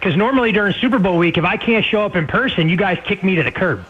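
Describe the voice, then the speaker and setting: A man's voice: high voice, expressive, husky. A man with a nasal voice, a weekly guest analyst breaking down sports betting markets on talk radio. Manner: fast, detailed analytical talk. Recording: dull lo-fi line with faint noise.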